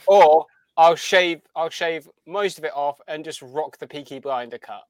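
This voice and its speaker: A man's voice: on the high side, unhurried, clean tone, dry recording. A young man chatting casually as a podcast co-host, rambling and enthusiastic with many restarts. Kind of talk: casual chat.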